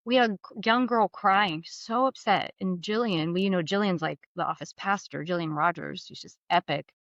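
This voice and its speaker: A middle-aged woman with a fairly low voice appears as a guest on an interview podcast, speaking as a mortgage business leader in a candid storytelling interview. She laughs as she goes, tells lively stories and slips into the voices of the people she quotes, all at a normal speed. The recording is dry, with a slightly dull sound.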